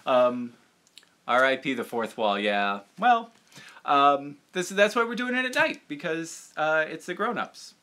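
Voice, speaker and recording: A man's voice: fairly high pitch, very animated, pushed and bright. A young man from the Boston area, a puppeteer hosting a casual livestream chat, rambling and self-deprecating. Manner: rambling, self-deprecating, quick to jump into voices.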